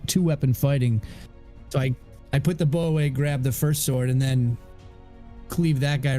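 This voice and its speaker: A man playing a tabletop game, calmly and matter-of-factly declaring his character's attacks. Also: mid-range voice. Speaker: player. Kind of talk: casual chat while playing a tabletop game.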